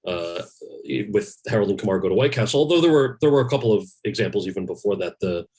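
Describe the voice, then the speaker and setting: A man's voice: lowish voice, fast talker, husky, low-quality recording. A man in his forties, a guest actor, telling candid stories with lots of restarts over a video call. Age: 40s. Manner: candid, animated anecdotes with many restarts. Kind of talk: storytelling in a conversation.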